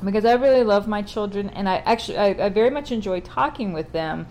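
A woman's voice: medium pitch, fast, a little mellow. Wry, exasperated middle-aged woman chatting. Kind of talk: casual monologue.

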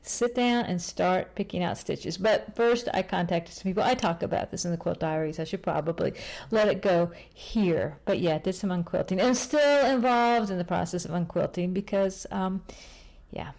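A woman's voice: lowish voice, normal speed, darkish tone. A woman vlogging in a casual, rambling way, often restarting her sentences mid-thought. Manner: rambling, chatty, self-interrupting. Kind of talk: casual chat to camera.

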